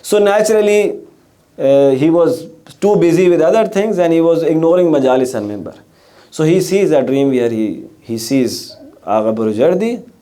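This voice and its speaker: Mellow-voiced man telling a sermon story. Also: fairly high pitch. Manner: conversational, with frequent restarts and rhetorical questions. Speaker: religious speaker. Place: mourning gathering hall.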